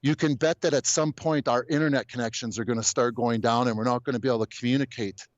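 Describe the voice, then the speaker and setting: A man's voice: medium pitch, fairly even intonation, quick pace, dry recording, highs cut off. A man calling in to a casual talk show, blunt and exasperated, often stammering as he restarts his sentences. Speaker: caller. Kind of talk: casual call-in chat.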